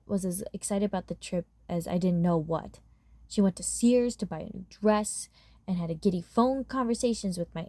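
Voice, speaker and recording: A woman narrating a novel chapter aloud, giving the quoted characters lively voices. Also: on the low side, dry recording. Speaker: audiobook reader. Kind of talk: storybook narration.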